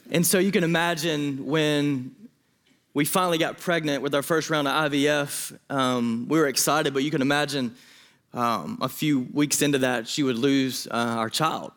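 A man preaching a sermon as a pastor, earnest and openly emotional, pleading with his listeners and often restarting his sentences. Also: on the high side.

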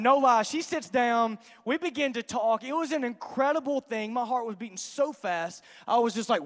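A man, a pastor telling an animated, joking story to his congregation during a sermon. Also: very high-pitched, in a large hall. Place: church sanctuary.

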